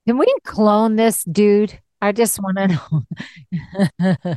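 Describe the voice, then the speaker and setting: A woman's voice: medium pitch, slow, warm tone, dry recording, clean studio sound. A woman hosting a podcast interview, chatting casually in an effusive, affirming way. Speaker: podcast host.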